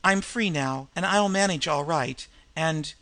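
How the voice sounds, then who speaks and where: A man voicing a wounded young adventurer, halting and stammering, bright-toned voice, wry courage, storybook audiobook. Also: fairly high pitch. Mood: strained. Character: weak, hurt young male adventurer, wry and brave.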